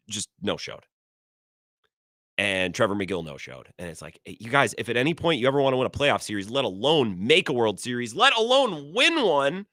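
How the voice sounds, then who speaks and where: A man hosting a sports talk radio show, giving opinionated takes in a sarcastic, animated way. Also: medium pitch, no echo, studio quality. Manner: animated, sarcastic, quick asides.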